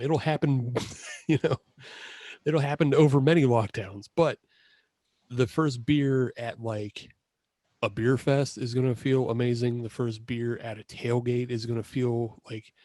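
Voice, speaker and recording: A man's voice: mid-range voice, fairly even intonation, normal speed, darkish tone, no room sound, clean studio sound. A man co-hosting a podcast, chatting casually over a video call, rambling and correcting himself with frequent laughs. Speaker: podcast co-host. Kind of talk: casual chat.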